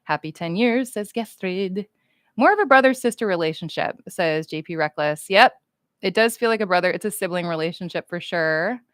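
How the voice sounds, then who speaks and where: A woman's voice: on the low side, normal speed, a bit bright, dry recording, studio quality. A woman from the United States, chatting casually on a livestream with fans, goofy and rambling as she reads chat comments aloud.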